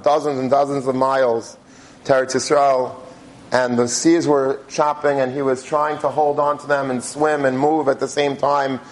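A male religious teacher narrates a story during a sermon, pitched a little above the usual male range. He often breaks off and restarts his sentences as he gathers his thoughts, in a steady storytelling manner. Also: poor audio. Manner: halting, with frequent restarts.

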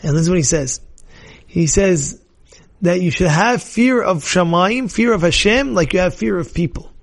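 A man teaching a Torah class as a rabbi, animated and emphatic, repeating phrases to drive points home. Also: high voice, moderate pace, creaky. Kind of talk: lively sermon-style Torah lesson.

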